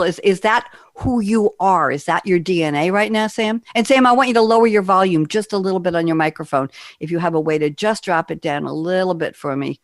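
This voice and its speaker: Woman, talk show host, upbeat, slightly low voice, dry close sound. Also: a little fast, few pauses, dry recording. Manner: upbeat, gushing, leading questions. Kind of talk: hosting a panel talk show.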